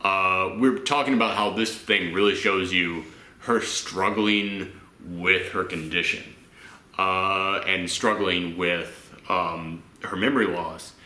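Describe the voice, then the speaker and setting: A man hosting a casual movie reaction chat, rambling and animated, acting out lines in silly voices. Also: low voice, slow, roomy sound.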